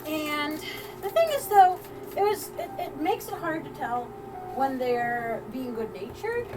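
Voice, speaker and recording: This is a woman with a high, bright-toned speaking voice, telling a family anecdote during a live crafting stream. She rambles casually and doubles back on her words. She laughs easily as she goes. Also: very animated, measured pace, over music, low-quality recording. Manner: chatty and rambling, with frequent laughs and restarts. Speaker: soapmaker hosting a live stream. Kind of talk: casual storytelling while crafting.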